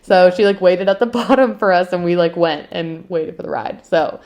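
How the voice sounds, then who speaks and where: A woman co-hosting a podcast, telling family stories in animated, casual chat with frequent laughter. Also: on the low side, normal speed. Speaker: podcast co-host.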